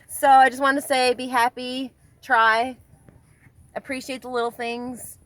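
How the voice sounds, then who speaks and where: A woman's voice: high voice, steady tone, takes it slowly, fairly bright tone, dry recording. A woman chatting casually into her handheld phone by the ocean, laughing often and apologizing. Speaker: vlogger. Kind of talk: casual vlog chat. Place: by the ocean coast, near a car. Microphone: phone held in hand.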